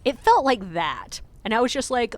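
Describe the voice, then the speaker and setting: A woman's voice: a little high, very animated, moderate pace, dry recording. Chatty woman telling a tour story. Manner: chatty, lots of "like" fillers, acts out quotes. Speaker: ghost tour guide. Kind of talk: casual storytelling vlog.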